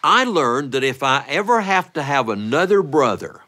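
A man performing a playful family story for listeners, animated and often breaking into laughter. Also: medium pitch, moderate pace.

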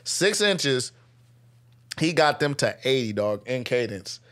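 A young man, a podcast guest, telling an animated story in a lively way, acting out shouted voices and laughing often, close to a studio mic. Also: mid-range voice, slow pace. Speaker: podcast guest, army veteran.

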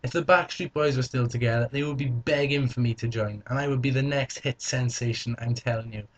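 A young man chats on his vlog, answering viewer questions with a playful, joking edge. His voice sits at an ordinary middle pitch for a man. The recording sounds a little dull and lo-fi. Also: fairly even intonation, brisk. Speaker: vlogger.

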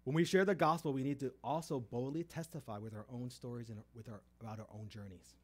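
A man's voice: mid-range voice, steady tone, fast, darkish tone. A man preaching a testimony sermon, telling stories animatedly and acting out voices in quoted dialogue. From Texas.

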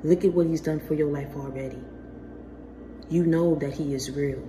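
Deep-voiced woman giving a spiritual pep talk. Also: fairly even intonation, moderate pace, warm tone, soft background music. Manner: earnest, slangy, calls listeners baby. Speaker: spiritual motivational speaker.

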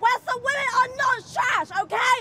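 A woman shouting furiously and swearing in a tearful street confrontation in a public park. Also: extremely high pitch, steady tone, moderate pace. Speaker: debate participant. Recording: crowd noise outdoors.

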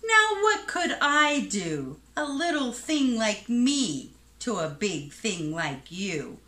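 A woman's voice: fairly high pitch, big pitch swings, slow pace, pushed and bright, heavily acted. A woman voicing a cheeky little gray mouse in a storybook read-aloud, teasing and playful. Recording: echoey room.

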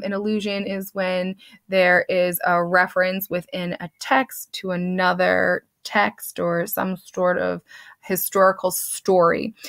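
A woman's voice: mid-range voice, vocal fry, a bit bright, no room sound, clean studio sound. A young woman teacher summarizing a play for her class in a casual, chatty way, loosely paraphrasing the characters.

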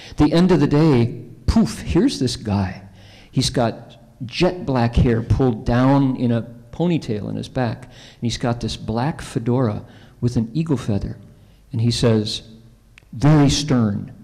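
A male Buddhist monk speaks at a conference, casual and conversational, often turning to the audience with questions. His voice sits at an ordinary middle pitch. Long reverb from a large convention hall hangs on every word. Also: a little mellow. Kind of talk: conference Dharma talk with storytelling.

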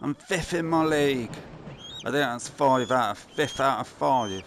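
A man's voice: mid-range voice, unhurried, a little hiss or hum. A man giving casual, sweary commentary while playing a game and muttering to himself. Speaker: gameplay commentator. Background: game music.

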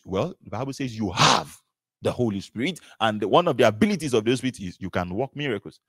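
A man delivers a sermon with animated, repetitive emphasis and frequent rhetorical questions. His pitch rises and falls widely as he presses each point. The sound is dry, with no room echo. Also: fast, slightly rough. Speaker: preacher.

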